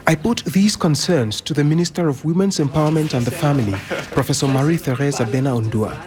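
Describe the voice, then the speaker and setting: A man reporter narrating a scripted news report in a measured way. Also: a little high, a little mellow.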